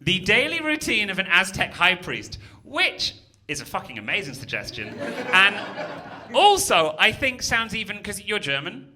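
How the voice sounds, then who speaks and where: Lively British comedian working a crowd. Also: male voice, sits high, normal speed. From Britain. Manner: chatty, teasing, breaks into mock voices. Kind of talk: stand-up crowd work. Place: comedy venue before a live audience.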